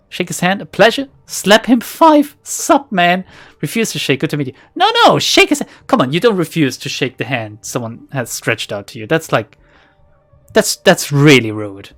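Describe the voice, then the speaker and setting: A woman's voice: low-pitched, very animated, normal speed. A woman streamer giving casual, jokey commentary on a video game she plays, reading narration and laughing at herself. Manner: jokey, self-mocking, often laughing. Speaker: let's play streamer.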